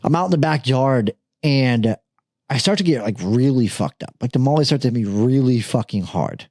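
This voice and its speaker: A man's voice: moderate pace, no echo, clean studio sound. Profane young man telling a wild story. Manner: profane, laughing, animated storytelling; jumps to a high voice when quoting others. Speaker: podcast host. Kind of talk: casual storytelling.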